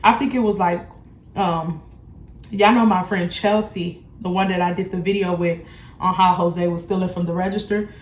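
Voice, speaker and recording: A woman's voice: on the low side, normal speed. Blunt, profane young woman in echoey room. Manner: blunt, profane, animated storytelling. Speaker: beauty vlogger. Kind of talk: casual storytime vlog.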